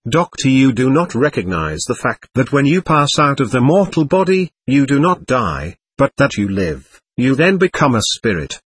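A man reading the part of a calm, patient male doctor who explains things to a spirit, in a husky voice. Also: medium pitch, moderate pace, hardly any pauses, dry recording.

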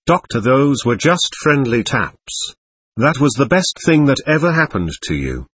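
Man reading a stern, patient male doctor, husky, lectures steadily. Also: medium pitch, sing-song, a little slow, a bit bright, no echo, exaggerated voice. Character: calm, firm male doctor questioning a spirit. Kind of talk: reading a séance transcript aloud.

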